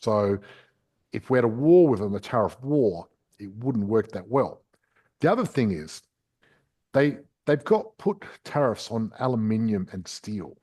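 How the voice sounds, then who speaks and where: Podcast host, man, low husky voice, walks through a concept in casual talk. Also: sing-song, unhurried, mellow. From Australia. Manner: chatty, explains step by step with a drawing. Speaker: property investment podcast host.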